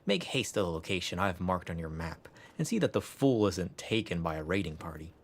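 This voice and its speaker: A man's voice: sits low, very animated, brisk, voice pushed down, heavily acted. A man voicing a stern male military commander from a game, reading the lines plainly. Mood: commanding. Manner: plainly read game dialogue.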